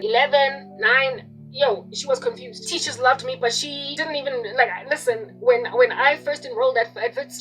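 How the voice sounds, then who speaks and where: In this emotional personal monologue, a young South African woman with a high voice addresses her viewers as a video blogger, sounding hurt and heartfelt. Her delivery shifts from quiet confiding to sharp, loud mock yelling, over a faint musical backdrop.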